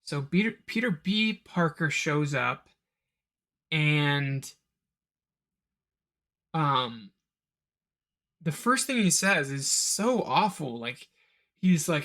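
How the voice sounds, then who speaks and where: A man records a solo podcast review of a film in a casual, rambling way. His voice sits a little high, and he talks at an unhurried pace. He keeps breaking off for asides and mock-quotes characters in a raised voice. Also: animated, a bit bright. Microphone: home recording of a live stream.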